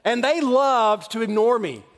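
Man in his forties preaching, high voice, chatty asides, echo from a big hall. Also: animated, unhurried. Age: 40s. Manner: chatty, self-deprecating, frequent restarts and asides. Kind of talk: conversational sermon storytelling. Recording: long reverb of a large hall.

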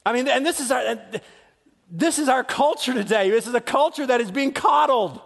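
A man's voice: extremely high pitch, normal speed, creaky, slightly rough. A man preaching a sermon with emphatic delivery, often acting out quoted voices. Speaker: pastor. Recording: long hall reverb.

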